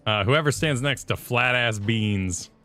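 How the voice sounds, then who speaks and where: A man's voice: mid-range voice, measured pace, bright, forceful tone. Joking man reading game quests aloud. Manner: jokey, reads quest text in a mock-formal voice. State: lost his high voice from sickness. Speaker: co-host of a game stream. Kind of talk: casual let's-play chat, reading game dialogue aloud.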